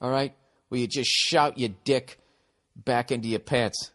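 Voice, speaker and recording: A man's voice: mid-range voice, steady tone, unhurried, fairly bright tone. Blunt, profane man riffing advice. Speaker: podcast host giving advice. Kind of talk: casual comedic advice monologue.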